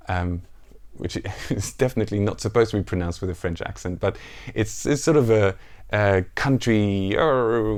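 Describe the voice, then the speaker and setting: A man teaching a ukulele song, counting beats aloud and explaining the plucking pattern in a relaxed, casual way. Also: fairly low pitch. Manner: counts beats aloud and sings lines softly. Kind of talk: music tutorial with counting and singing. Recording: ukulele music under the voice. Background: ukulele playing.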